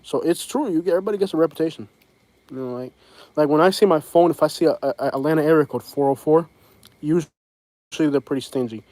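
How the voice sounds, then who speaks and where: A man's voice: a little high, brisk, mellow, dry recording, rough recording. A middle-aged man with a Boston accent, chatting bluntly and ramblingly to his livestream viewers. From from Boston area. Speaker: livestream host. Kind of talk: casual livestream chat.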